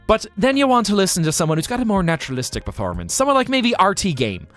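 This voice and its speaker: A man's voice: sits high, fast talker, few pauses, soft background music. A man hosting a livestream, chatting casually and rambling about accents. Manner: rambling, musing, animated. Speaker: livestream host.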